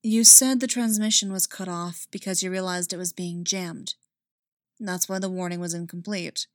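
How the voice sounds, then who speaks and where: A woman voicing a calm male Jedi who speaks quietly and gently with curiosity. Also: fairly low pitch, normal speed, dry recording, clean studio sound, close to an everyday voice. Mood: probing.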